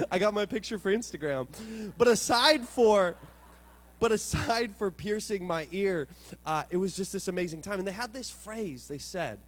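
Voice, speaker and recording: A male pastor preaching a sermon as animated storytelling, moving between quiet reflection and loud, excited moments. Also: on the high side.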